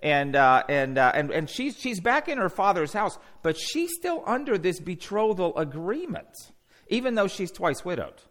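Lively man teaching a Bible class. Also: sits high, normal speed. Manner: animated, asks the class questions and restarts often.

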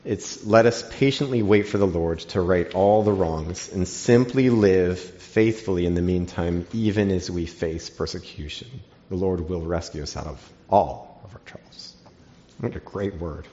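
A man's voice: low-pitched, unhurried, mellow. A man preaching a sermon in an earnest teaching manner, reading scripture aloud to his listeners. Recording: dull lo-fi recording.

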